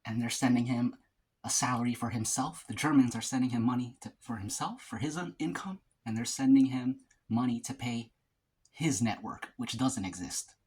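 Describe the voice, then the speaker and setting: A man's voice: mid-range voice, moderate pace, darkish tone, husky. A man who runs a food vlog, chatting casually and rambling through a story between bites of his meal. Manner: casual slang, frequent fillers and restarts. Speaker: mukbang vlogger. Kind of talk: casual storytelling while eating.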